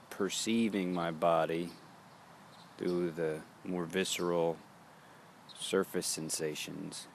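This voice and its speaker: A man leading a guided meditation, speaking in slow, measured phrases with long pauses. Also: low-pitched, a little hiss or hum.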